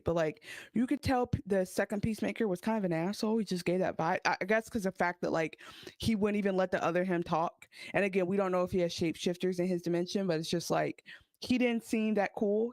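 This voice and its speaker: A woman's voice: on the low side, a little mellow, no echo. A woman co-hosting a podcast, chatting casually and giving her opinions on an episode. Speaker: podcast co-host. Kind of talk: casual recap chat.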